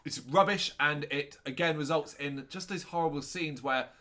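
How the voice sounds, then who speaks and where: A man's voice: a little high, normal speed, bright, forceful tone. A man co-hosting a casual film chat, sarcastic and ranty, often correcting himself mid-sentence and swearing. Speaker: co-host reviewing a film.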